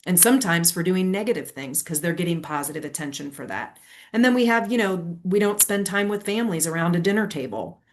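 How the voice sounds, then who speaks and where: A woman in her forties, a former educator, explaining ideas in a lively conversational interview. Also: lowish voice. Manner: animated storytelling with quick asides. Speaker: guest, leadership strategist and former educator.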